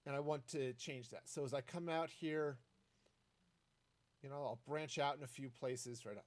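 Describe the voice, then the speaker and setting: A man streaming a building game, chatting in a rambling, easygoing way as he plays. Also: normal speed. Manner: chatty and rambling, lively swings in pitch. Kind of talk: casual gameplay commentary.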